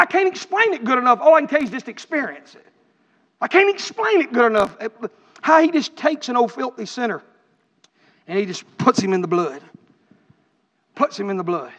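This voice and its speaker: A middle-aged man, preaching with fervor and swinging between shouts and quiet, earnest talk. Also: long reverb tail. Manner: impassioned, rising to shouts then dropping low. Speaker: pastor. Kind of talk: preaching sermon.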